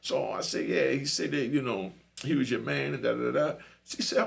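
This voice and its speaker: Middle-aged male storyteller, gravel in the voice, laid-back street slang, keeps checking in with the listener. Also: on the high side, animated, normal speed. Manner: loose street slang, frequent "you know what I mean". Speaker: podcast host telling a prison story. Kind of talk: casual storytelling.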